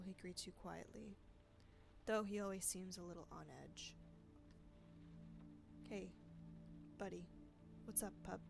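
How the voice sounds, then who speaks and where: A woman streamer reading a story game's text aloud in a casual way, adding quick reactions, with game music behind. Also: medium pitch, vocal fry. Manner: casual, adds quick reactions between lines. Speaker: let's play streamer.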